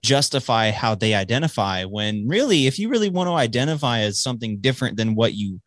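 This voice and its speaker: This podcast host has a medium-pitched, very animated voice and a brisk pace. He chats casually and rambles, swearing a lot and restarting sentences, all recorded close on a dry mic with no echo.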